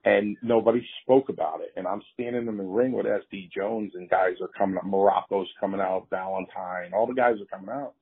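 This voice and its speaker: Husky low-voiced man, animated storyteller. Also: brisk, hardly any pauses. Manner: animated, repeats himself, acts out quotes. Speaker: former pro wrestler. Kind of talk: storytelling in an interview. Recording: tinny phone-line sound.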